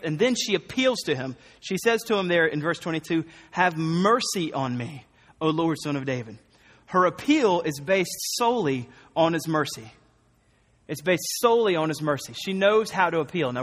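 A man delivers a sermon as a pastor, talking in a loose, conversational way with quick asides and laughs. His voice sits high for a man. The sound carries the long reverb of a church hall. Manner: conversational, animated, with self-corrections and laughs.

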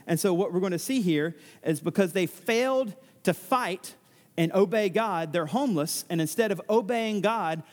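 In a large hall, a man with a high voice preaches, reading a scripture passage and working through it in expository fashion. This pastor keeps things conversational, with frequent restarts and jokes on the side.

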